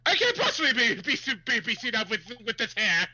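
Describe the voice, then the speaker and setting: A man plays a haughty gentleman detective with a bright, sharp voice that swings widely. The sound is dull and lo-fi, with music behind it. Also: extremely high pitch, huge pitch swings, brisk, slightly rough, exaggerated voice. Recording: dull lo-fi stream audio.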